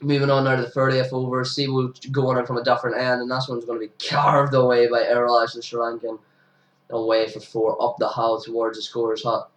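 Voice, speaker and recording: A man's voice: medium pitch, brisk, dull audio. Sniffly man commentating cricket. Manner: chatty and relaxed, bursting into excited shouts at big moments. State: sniffly with hay fever. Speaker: amateur cricket commentator for his own club. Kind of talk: casual match commentary over highlights. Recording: roomy sound, distant from the mic.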